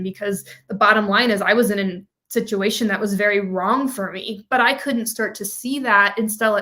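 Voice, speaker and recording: A woman's voice: mid-range voice, a bit bright. A woman who is a guest author on an interview podcast, talking earnestly and reflectively. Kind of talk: casual interview chat.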